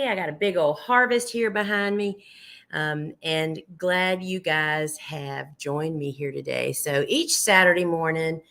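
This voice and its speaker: A middle-aged woman hosting a casual live gardening show, chatty and homey, her voice a little hoarse from losing it. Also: fairly low pitch, a bit bright. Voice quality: chatty, homey, addresses viewers as friends.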